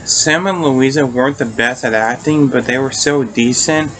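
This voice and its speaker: A man talks through an episode review in a loose, rambling way, stopping and restarting his sentences as he goes. His pitch sits in an ordinary middle range, and he swears offhandedly. Faint ambient noise hums behind him. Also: moderate pace, hardly any pauses, fairly bright tone, rough recording. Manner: rambling retelling, many fillers and restarts, casual swearing. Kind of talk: casual video review.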